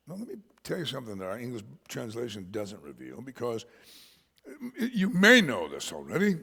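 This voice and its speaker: An American man preaching a sermon as pastor, an animated storyteller who punches out words for emphasis and jokes about himself. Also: medium pitch, creaky, breathy edge. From United States. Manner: animated storyteller, shouts words for emphasis, self-deprecating humor. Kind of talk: expository sermon. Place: church sanctuary. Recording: church hall reverb.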